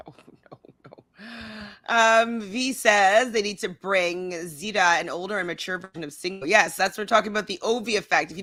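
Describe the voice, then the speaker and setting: A woman's voice: mid-range voice, sharp tone, dry recording, studio quality. A woman hosting a casual reality TV recap, chatty and giggly, talking to her live chat. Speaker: podcast host.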